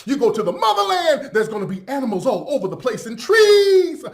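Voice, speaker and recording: A man's voice: very high-pitched, very animated, fairly quick, vocal fry, heavily acted. A man putting on a mocking impression of a ranting man with a whiny, exaggerated delivery. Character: ranting man mocked as a crackpot.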